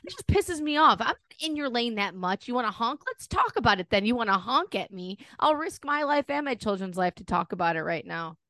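A woman's voice: fairly high pitch, sing-song, a little fast, few pauses, pushed and bright, no room sound. A woman in her thirties co-hosting a podcast in casual chat, ranting bluntly and swearing freely. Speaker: podcast co-host.

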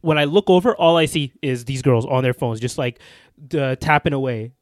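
A man's voice: mid-range voice, moderate pace, dry recording, studio quality. A man co-hosting a podcast in casual, joking banter with his cousin, often laughing. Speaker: podcast co-host. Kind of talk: casual chat.

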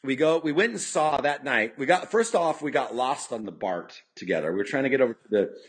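Man, guest on a podcast, casual storytelling, middle pitch, voices quotes. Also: lively intonation, brisk, slightly rough. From California. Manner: rambling, heavy on "you know" fillers; acts out quoted dialogue. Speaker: podcast guest, punk musician. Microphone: podcast studio mic.

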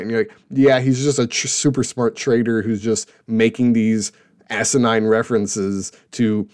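Young guy ranting about tv, sarcastic and rambly, kinda dark relaxed voice. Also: mid-range voice, moderate pace. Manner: sarcastic, rambling, laughs at his own jokes. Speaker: podcast host reviewing TV shows. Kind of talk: casual opinionated chat.

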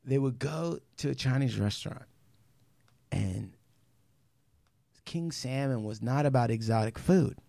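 A podcast host with an unhurried, gravelly voice and frequent pauses tells profane family stories in casual chat. He's animated and imitates his relatives in shrill voices, and there is no room sound.

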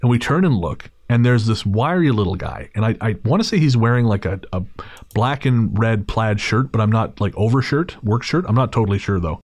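A podcast host tells a story in a casual, wry and digressive way, often restarting his sentences. His voice is on the low side, expressive and darkish in tone, a little fast, with clean studio sound and no room sound.

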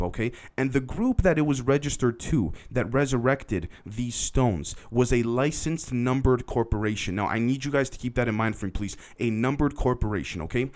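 A man hosting a podcast, telling a story in a casual, rambling way and talking straight to his listeners. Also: mid-range voice. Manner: rambling, conversational, addresses listeners directly. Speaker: podcast host.

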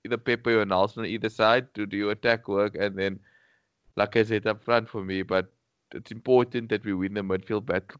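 A man's voice: on the low side, clear, resonant tone, dry recording, dull audio. A man co-hosting a casual football podcast, thinking aloud with frequent hesitations and restarts. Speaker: podcast co-host.

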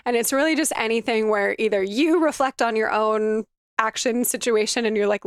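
A woman's voice: on the high side, animated, fairly quick, clear, resonant tone, dry recording, clean studio sound. A woman hosting a podcast in casual chat, bubbly, laughing often and swearing freely. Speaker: podcast host.

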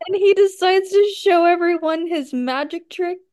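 A woman's voice: extremely high pitch, normal speed, a little mellow. A woman co-hosting a podcast, telling rambling, self-deprecating stories in casual chat and laughing often. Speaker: podcast co-host.

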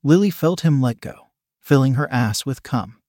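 A man narrating an adult story in a steady, even reading voice. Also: medium pitch, moderate pace, no echo, studio quality.

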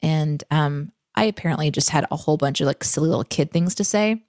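A woman co-hosting a casual livestream chat, reading viewer questions and telling lively stories. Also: low voice, brisk, no echo, studio quality.

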